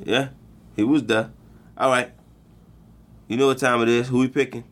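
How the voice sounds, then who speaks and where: A man's voice: mid-range voice, little pitch movement, normal speed. A man co-hosting a casual sports chat, loose and joking with plenty of profanity. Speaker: podcast co-host.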